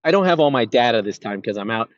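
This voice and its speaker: A man hosting a football podcast, holding forth alone with passion and plenty of restarts as he goes. His voice sits at an ordinary middle pitch. The sound is dry and a bit dull, like a modest lo-fi recording. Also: lively intonation, fast talker, dry recording. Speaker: podcast host. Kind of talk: solo football analysis monologue. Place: outdoors on a golf course.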